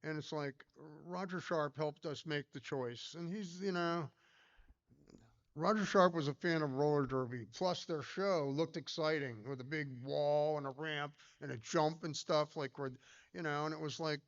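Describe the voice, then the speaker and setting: A man's voice: a little high, moderate pace, dull audio. An older man giving a casual conference talk about his career, rambling through anecdotes with many fillers and restarts. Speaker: pinball designer giving a talk.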